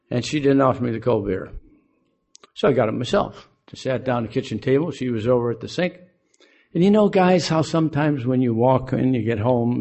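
An older man from Illinois telling a folksy, self-mocking story to a group, acting out both sides of conversations. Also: on the high side. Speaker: recovery meeting speaker.

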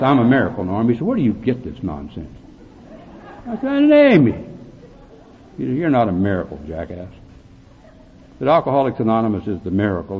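A man speaking at a recovery meeting, telling his story bluntly with gruff, dark humor. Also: on the low side, big-room sound. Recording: tinny phone-like recording with faint hiss.

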